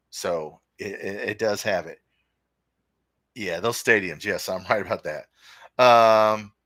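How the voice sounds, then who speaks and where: A man's voice: on the low side, pushed and bright, no echo, studio quality. A man hosting a live sports talk stream, opinionated and rambling, reading viewer comments aloud. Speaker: podcast host.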